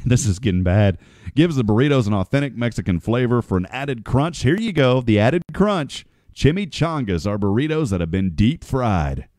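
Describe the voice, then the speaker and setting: On a morning radio show, an American host chats casually in a folksy, joking style, calling people "brother" and "man." His mid-range voice is a little mellow, and the studio-quality recording has no echo.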